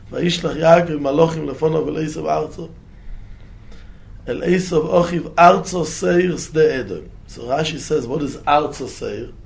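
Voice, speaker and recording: A man teaching a Torah lesson as a rabbi, chanting quoted verses in a singsong and climbing high when he stresses a point. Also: gravelly.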